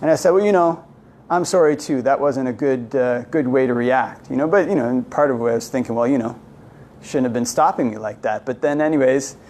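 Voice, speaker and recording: A man's voice: mid-range voice, brisk, a little mellow, slight background noise. A man, a Buddhist monk from Canada, tells a personal story in a casual Dhamma talk, full of "you know" fillers and acting out both sides of a conversation. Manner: chatty storytelling, many "you know" fillers, acts out dialogue.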